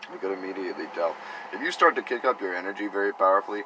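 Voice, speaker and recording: A man's voice: low-pitched, background noise. A man in a rambling spiritual monologue, musing on energy and acting out imagined conversations. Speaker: vlogger talking about energy healing.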